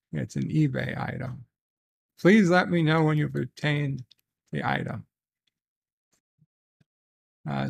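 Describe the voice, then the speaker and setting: Slow, gravelly man reading viewer letters. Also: a little high. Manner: slow, halting, with frequent restarts and muttered asides. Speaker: host reading viewer messages. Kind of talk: casual solo livestream chat.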